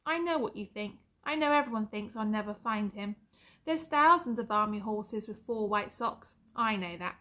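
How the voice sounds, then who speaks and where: A woman's voice: medium pitch, lively intonation, normal speed, pushed and bright. A woman reading as an earnest young soldier. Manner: urgent, emotional pleading. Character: young male farm lad turned soldier, earnest.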